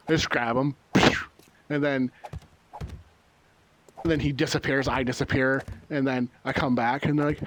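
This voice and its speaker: A man's voice: medium pitch, fairly even intonation, moderate pace, long pauses, slight background noise. A man casually spinning a rambling, profane story with many ums and uhs while he plays a game. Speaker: gamer.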